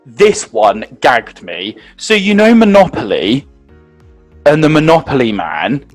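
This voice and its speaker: A man's voice: medium pitch, very animated, measured pace, faint music behind. A man co-hosting a casual chat, talking animatedly, laughing often and leaning on "like" as a filler. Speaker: co-host.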